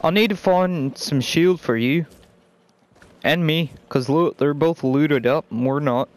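This man's voice runs on the high side, and he keeps a measured pace. Gaming with random teammates, he swears constantly in an overdone put-on British accent, tossing out "mate" and "wanker" in brash, profane voice-chat banter.

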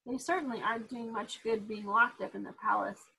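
A woman's voice: a little high, steady tone, brisk, vocal fry, bright, forceful tone, a little hiss or hum, low-quality recording. A woman voicing a young boy who talks frankly and impatiently. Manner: frank, scolding. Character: blunt, impatient foreign boy.

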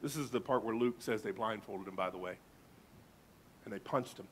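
A man's voice: fairly low pitch, normal speed, a little hiss or hum. A male pastor preaching a sermon, reading scripture emphatically and dramatically.

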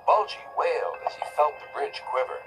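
A man narrating a children's story in a storybook style, with a lively telling voice that acts out the characters. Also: a little high, a little fast, poor audio. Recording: clip played with music underneath. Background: background music.

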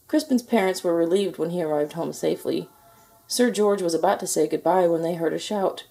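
A woman reading a children's picture book aloud in a gentle, expressive storytelling manner. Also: lowish voice, fairly quick, gravelly. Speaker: storybook reader.

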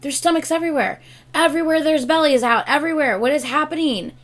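A woman's voice: high-pitched, fast, fairly bright tone. A tired woman hosting a reaction video, talking casually, swearing freely and singing along.

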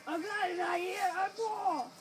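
A woman's voice: very high-pitched, normal speed, over music, pitched above the performer's own voice. A woman putting on a dim-witted, caveman-like man who repeats short phrases. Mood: insistent.

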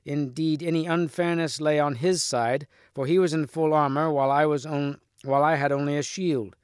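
A man reading as a gentle, steadfast young knight. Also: fairly high pitch, steady tone, normal speed, smooth, dry recording, clean studio sound, close to an everyday voice. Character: brave, courteous young knight.

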